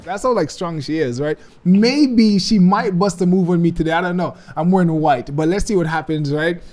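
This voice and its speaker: Man, interview host, slightly higher pitch, encouraging, casual chat. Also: normal speed, a little mellow. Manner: encouraging, many short acknowledgements.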